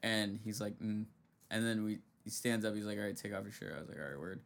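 A young man with a lowish, gravelly, fairly bright voice talks fast while hosting a casual podcast chat. His stories are slangy and profane, and he acts out the people in them with performed quotes.

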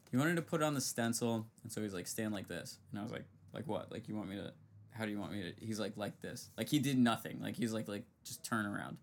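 Low-ish with vocal fry, this young man hosts a laid-back podcast conversation. He tells slang-heavy, profane stories, acting out the quotes of the people involved.

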